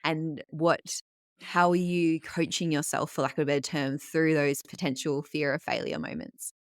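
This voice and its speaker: A woman's voice: deep voice, little pitch movement, moderate pace, no room sound, studio quality. A woman hosting a podcast, asking thoughtful, inquisitive interview questions. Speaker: podcast host.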